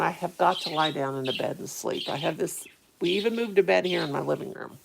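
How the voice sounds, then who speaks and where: Gravelly-voiced chatty woman. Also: sits low, background noise. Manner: rambling, chatty, talks to viewers. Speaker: vlogger reading live chat. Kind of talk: casual live-stream chat.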